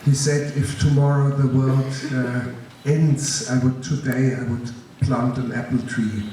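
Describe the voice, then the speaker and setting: Slow, grave man with a German accent. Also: mid-range voice, little pitch movement, dark tone. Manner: slow, deliberate, grave storytelling. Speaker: guest filmmaker giving a master class. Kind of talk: lecture answering audience questions. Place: large lecture hall. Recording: echoey hall, distant mic, faint noise.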